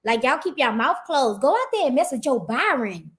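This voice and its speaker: A woman's voice: sits high, big pitch swings, normal speed. A woman giving casual reaction commentary on a video, indignant and ranting.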